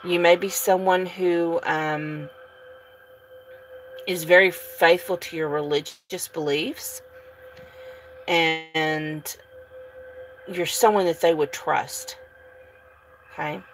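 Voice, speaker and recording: A woman giving a casual tarot reading, relaxed and sleepy, with many fillers and soft laughs. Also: lowish voice, takes it slowly, long pauses, a little hiss or hum, poor audio. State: sleepy, yawning. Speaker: tarot reader.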